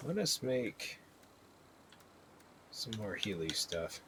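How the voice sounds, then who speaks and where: A man casually narrating his gameplay as a streamer, murmuring to himself in a relaxed way. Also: fairly low pitch, slow pace, background noise. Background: game music.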